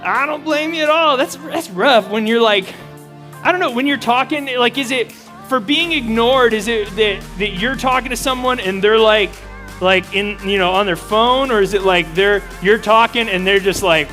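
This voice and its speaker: A man's voice: very high-pitched, normal speed, bright, forceful tone, faint music behind. A young man leading a youth group session, joking and talking animatedly to a live room. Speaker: youth pastor. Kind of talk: energetic audience interaction.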